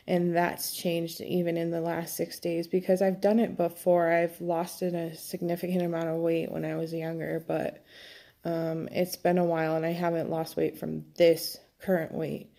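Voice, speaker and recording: A young woman talking candidly to her viewers in a personal vlog, reflective and halting, with many fillers. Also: on the low side, creaky, dark tone. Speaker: vlogger.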